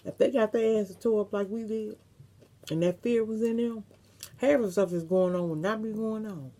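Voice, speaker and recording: A woman's voice: mid-range voice, normal speed, dark tone. A middle-aged woman vlogger, chatting casually and reminiscing to her viewers, with some salty language. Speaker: mukbang vlogger.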